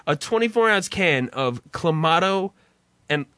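A man's voice: fairly high pitch, expressive, unhurried, fairly bright tone, dry recording, clean studio sound. A young man hosting a podcast in casual chat, swearing and laughing often. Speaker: podcast host.

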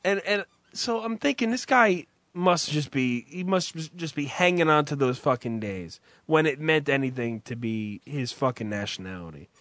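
Man, rambling and profane, lively swooping pitch, bright forceful tone, dry close sound. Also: moderate pace, few pauses, no echo. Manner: rambling storyteller, profane, many restarts. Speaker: podcast co-host. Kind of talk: casual chat.

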